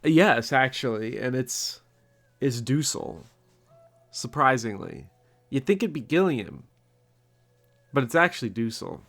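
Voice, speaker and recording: A young man from Kentucky with a softened Southern accent, chatting casually and bluntly as he answers viewer questions, rambling and joking at his own expense. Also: mid-range voice, animated, a little slow, gravelly, long pauses, faint music behind. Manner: rambling, self-mocking, blunt. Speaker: channel host. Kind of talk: casual Q&A chat.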